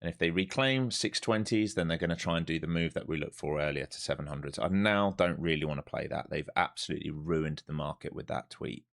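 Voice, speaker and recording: A man's voice: rumbling low, a little fast, vocal fry, hardly any pauses, fairly bright tone. A man giving live commentary to viewers as he trades, blunt and profane as he thinks aloud over the charts. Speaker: live-streaming day trader.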